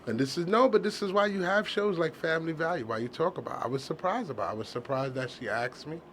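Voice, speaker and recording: A man's voice: a little high, fast talker, a bit bright, slight background noise. A middle-aged man hosting a heartfelt casual conversation, earnest and sentimental, often restarting his sentences.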